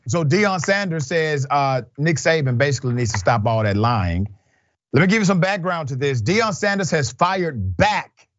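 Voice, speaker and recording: A man hosting a news commentary show, talking in an animated, emphatic and wry way. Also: mid-range voice, no echo, dull audio. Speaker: show host. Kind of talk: casual commentary.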